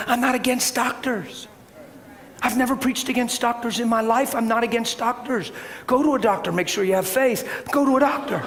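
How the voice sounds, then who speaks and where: A man preaching a sermon as a story, animated, acting out voices and building up to shouts. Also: very high voice, normal speed. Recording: hall reverb with faint noise.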